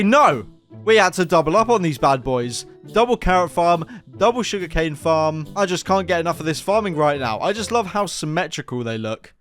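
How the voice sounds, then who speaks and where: A man's voice: a little high, a bit bright. A man narrating his survival game with jokey, self-mocking asides and sarcastic humor. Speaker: Minecraft YouTuber. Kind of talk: playful gaming commentary. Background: background music.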